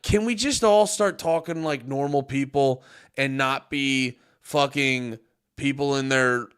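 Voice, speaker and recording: A man's voice: medium pitch, fairly bright tone, clear, resonant tone. A man streaming casual reaction commentary, exasperated and profane, rambling with lots of fillers.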